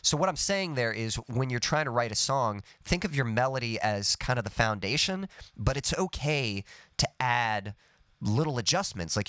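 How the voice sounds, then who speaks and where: A man's voice: medium pitch, a bit bright, smooth, no echo. A man teaching songwriting on a live stream, explaining patiently and humming short melody snippets to show his points. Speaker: songwriting coach.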